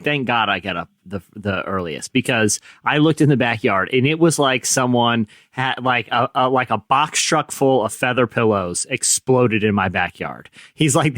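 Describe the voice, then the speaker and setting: A man's voice: mid-range voice, a bit bright, no room sound. Joking male podcast host, dry sound. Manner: joking, playful storyteller. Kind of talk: casual chat.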